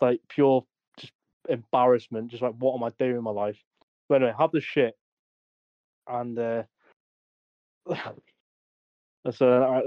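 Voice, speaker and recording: A man's voice: medium pitch, no room sound. A young man telling a crude army story on a podcast. He swears a lot and laughs as he talks. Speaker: podcast co-host. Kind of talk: casual storytelling. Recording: dry, dull lo-fi sound.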